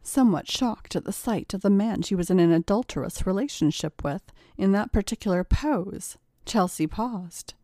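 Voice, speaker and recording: A woman reading a story aloud in a steady, even narration. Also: medium pitch, moderate pace, few pauses, no room sound, clean studio sound. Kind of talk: scripted narration.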